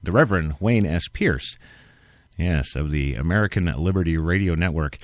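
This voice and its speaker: A man's voice: deep voice, moderate pace, no room sound, studio quality. A man hosting an internet talk radio show, reading news stories and riffing on them in a sarcastic, rambling way.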